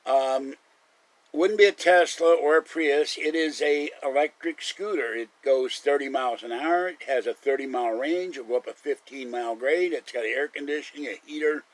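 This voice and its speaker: A man's voice: on the high side, moderate pace, poor audio. A man hosting a live stream, rambling through casual stories and chuckling often. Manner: chatty storyteller, chuckles often.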